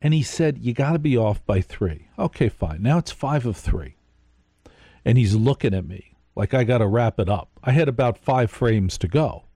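A man's voice: medium pitch, animated, normal speed, dark tone, husky, no room sound, clean studio sound. A man hosting a live late-night radio show, telling a rambling story and speaking straight to his listeners.

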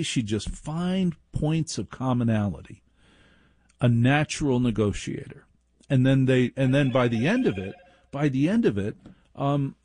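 Husky, lively middle-aged radio host. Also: male voice, mid-range voice, dry recording, studio quality. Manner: storytelling, self-deprecating humor. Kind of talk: talk radio monologue.

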